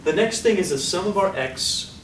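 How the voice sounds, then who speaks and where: Heard through a distant mic in an echoey, noisy room, a man with a high voice and lively intonation teaches statistics at normal speed. He is upbeat and keeps quizzing students, coaxing their answers.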